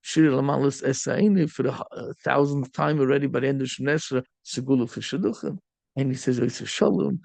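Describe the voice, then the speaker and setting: A man, a rabbi, telling a story in a sermon, lively and full of Yiddish and Hebrew words. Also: a little high, creaky, dry recording.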